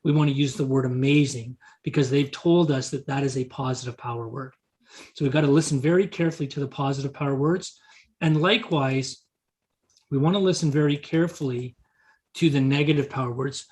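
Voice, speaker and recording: A man's voice: mid-range voice, fairly even intonation, fairly quick, a little mellow. A man teaching a live real estate seminar, often repeating short words as he quotes example dialogue to the audience. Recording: meeting talk to an audience.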